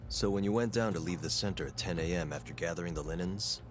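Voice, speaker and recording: A man voicing an earnest lawyer-turned-detective in a video game, speaking in a calm, measured way. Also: sits low, soft background music, close to an everyday voice. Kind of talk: game voice acting.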